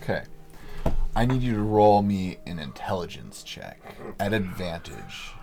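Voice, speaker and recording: A man narrating a tabletop game as game master, relaxed and full of fillers. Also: low voice, unhurried, vocal fry.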